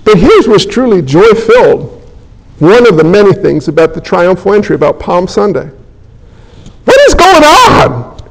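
A man preaching a sermon, his voice sitting very high for a man. He drives his points home with repeated phrases and rhetorical questions, then drops into folksy, joking asides to the congregation. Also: lively intonation, normal speed, gravelly, darkish tone, poor audio. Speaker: pastor.

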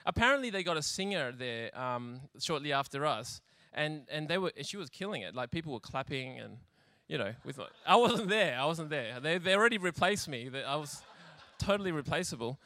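A man's voice: a little high, animated, fairly quick, hardly any pauses, bright, forceful tone, no echo, studio quality. A man giving a sermon in a chatty, humorous storytelling way, laughing often and acting out little scenes. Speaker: preacher.

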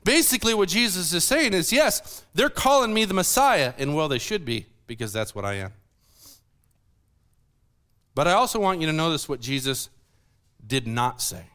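Lively, bright-voiced male preacher. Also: high-pitched. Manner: animated, asks the audience questions. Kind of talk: sermon.

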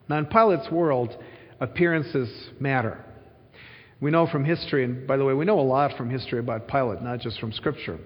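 A man preaching a sermon, explaining Scripture earnestly and repeating key phrases for emphasis. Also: fairly high pitch. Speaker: pastor. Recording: muffled sound with long hall reverb.

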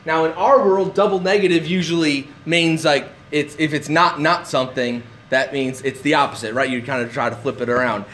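A man's voice: on the high side, steady tone, moderate pace, hardly any pauses, fairly bright tone, a little hiss or hum. A man preaching a sermon, emphatic and repeating words for stress. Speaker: pastor.

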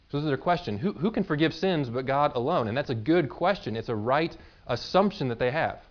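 A man preaching a sermon in a conversational way, explaining with everyday examples and quick asides. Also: on the high side, lively intonation, lo-fi sound. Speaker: pastor.

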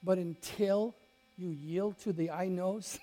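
Storytelling preacher with swinging loudness. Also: male voice, high voice, slow pace. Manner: storytelling, lively swings from loud to quiet, many restarts. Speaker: pastor. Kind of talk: sermon.

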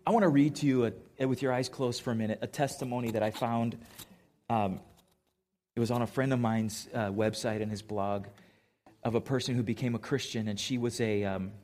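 A man of middle pitch preaching in a church, talking to his congregation as a pastor. His sermon feels like a casual chat, with quick questions tossed out to the listeners. He leans on emphatic repetition to drive home his points. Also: fairly even intonation, a little mellow. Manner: casual and emphatic, quizzes the audience. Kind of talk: conversational sermon.

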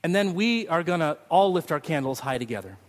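A man's voice: fairly high pitch, lively intonation, a little fast. A man preaching a Christmas Eve sermon as pastor, telling stories and leading prayer. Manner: storytelling with sung snippets, ending in prayer. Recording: long hall reverb.

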